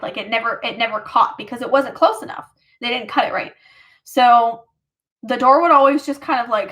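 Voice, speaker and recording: A woman's voice: a little high, bright, forceful tone. A woman vlogger casually telling a personal story, rambling with lots of fillers.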